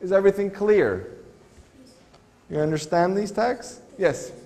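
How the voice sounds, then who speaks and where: A man's voice: sits high, expressive, unhurried, vocal fry, warm tone, long reverb tail. A man teaching an English lesson in a school classroom, patiently asking the class one question after another. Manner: patient, asks many questions.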